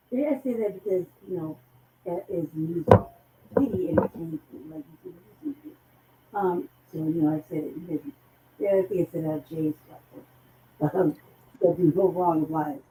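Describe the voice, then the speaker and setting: A woman co-hosting a casual talk show, hoarse from losing her voice, rambling and profane. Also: lowish voice, expressive, moderate pace, mellow. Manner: rambling, profane, laughs between thoughts. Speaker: co-host. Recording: echoey room with faint noise.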